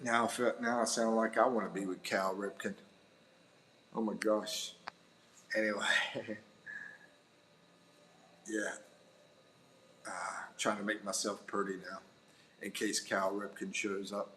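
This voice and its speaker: A middle-aged man rambles through a casual live chat, chuckling between thoughts. His voice sits fairly low, and a faint hum lies underneath it. He talks from indoors beside a window. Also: little pitch movement, measured pace, long pauses, fairly bright tone, low-quality recording. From United States. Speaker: livestream host.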